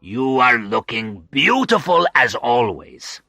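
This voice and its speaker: A man voicing a booming jolly fat fixer. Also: big pitch swings, takes it slowly, sharp tone, dry recording, studio quality, heavily acted. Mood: jovial. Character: loud jolly fat male fixer, cheerful.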